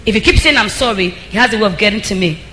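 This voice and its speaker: A woman preacher giving a lively sermon, calling out to the congregation and laughing often. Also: medium pitch, racing, reverberant, slight background noise, low-quality recording. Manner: lively, laughing, calls out to the crowd. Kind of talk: sermon on marriage.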